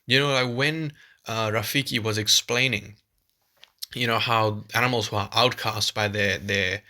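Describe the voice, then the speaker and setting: A man's voice: fairly low pitch, fairly even intonation, measured pace, pushed and bright. A man giving a casual film review, rambling and exasperated, with many restarts.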